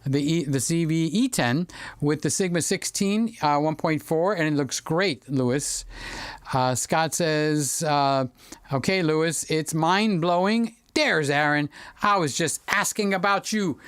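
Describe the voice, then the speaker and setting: A man's voice: a little high, animated, takes it slowly, fairly bright tone, smooth, no echo. A middle-aged man hosting a livestream, reading viewer comments aloud and joking around in casual chat, speaking into a studio microphone. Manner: chatty and joking, drifts off topic. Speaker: livestream host.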